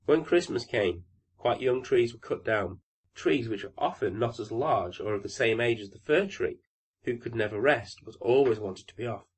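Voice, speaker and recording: A man reads a classic fairy tale aloud in a calm, steady storytelling voice. His voice sits in an ordinary middle range for a man, and he keeps it even through the narration. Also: medium pitch, normal speed, breathy edge. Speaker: audiobook narrator.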